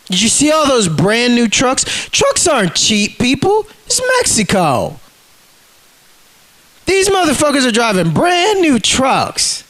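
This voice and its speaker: High-voiced man in an agitated, profane rant. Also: huge pitch swings, slow pace, a bit bright. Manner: profane, agitated, repeats himself. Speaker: vlogger. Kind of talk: ranting monologue to camera.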